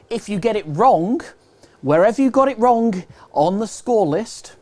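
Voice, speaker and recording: A man's voice: high-pitched, a little mellow. A man with a British accent hosting a live online quiz, chatty and upbeat, walking viewers through the rules. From United Kingdom. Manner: chatty, upbeat, repeats instructions. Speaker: quiz host.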